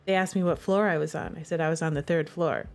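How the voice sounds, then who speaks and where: A woman telling a ghost story in a chatty, animated way, full of restarts and fillers. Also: low-pitched, fast talker, creaky. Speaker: streamer. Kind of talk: casual storytelling.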